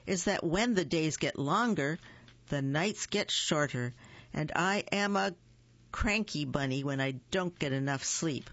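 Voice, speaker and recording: A storybook reader voicing a grumpy, sleepy male rabbit who grumbles and sighs, at a slow pace. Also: medium pitch, fairly bright tone, no echo, dull audio. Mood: grumbling. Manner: grumbling, sighing.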